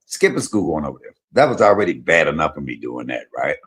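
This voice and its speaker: A middle-aged man hosting a casual chat, telling profane, animated stories. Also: rumbling low, quick pace. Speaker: host.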